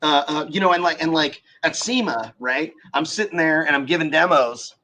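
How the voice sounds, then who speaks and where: A man's voice: on the high side, moderate pace, sharp tone. A young man in casual podcast chat about car audio, rambling and profane with many fillers and restarts.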